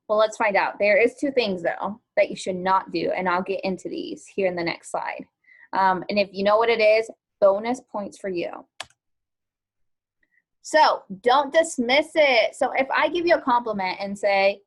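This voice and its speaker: Speaking at normal speed in a mid-range voice, a woman leads an online social skills class. She's informal and chatty, using plenty of "ums" and "likes," and constantly questions her students.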